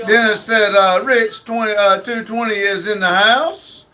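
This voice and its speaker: A man's voice: high voice, fairly even intonation, unhurried, bright, forceful tone. A man hosting a casual livestream, reading viewer comments aloud with lots of fillers. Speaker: livestream host reading chat.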